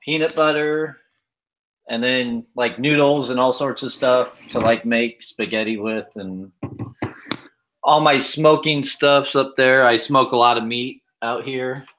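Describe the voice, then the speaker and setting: A man hosting a casual livestream, rambling in a relaxed way with lots of fillers as he shows off his kitchen. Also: mid-range voice, a little slow, slight background noise. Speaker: livestream host. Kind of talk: casual chat, showing his kitchen pantry on stream.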